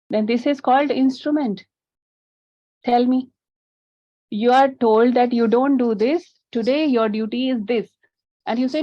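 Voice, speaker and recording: A woman's voice: on the high side, moderate pace. A woman, explaining a spiritual teaching and posing rhetorical questions to her listeners. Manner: poses rhetorical questions, acts out students' sweet pleas. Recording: slightly dull lo-fi recording.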